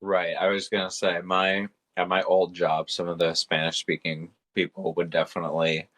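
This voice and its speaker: A young man with a very low voice chats casually on a podcast, joking and letting his sentences trail off. The sound is close and dry. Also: monotone, moderate pace, fairly bright tone, no echo. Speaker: podcast co-host. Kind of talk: casual chat.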